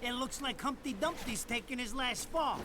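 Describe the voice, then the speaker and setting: A whiny foul-mouthed mob lackey. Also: male voice, extremely high pitch, normal speed, noisy background. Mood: griping banter. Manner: crude, griping, panicky when scared. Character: foul-mouthed whiny middle-aged male mob errand man. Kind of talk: video game cutscene dialogue.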